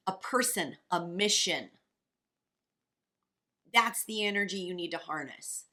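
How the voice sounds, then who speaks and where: Woman coach on a podcast, low-ish voice but bright and punchy, passionate, swears a lot. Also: animated, measured pace, pauses often. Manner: passionate, blunt and profane. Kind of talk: casual motivational podcast chat.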